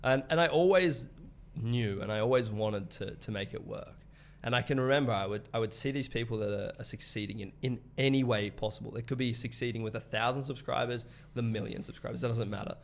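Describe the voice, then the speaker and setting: A man's voice: medium pitch, brisk, gravelly. Laid-back Australian man in his twenties. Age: 20s. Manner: swears freely, laughs often, loose storytelling. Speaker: podcast guest, photographer. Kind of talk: casual conversation.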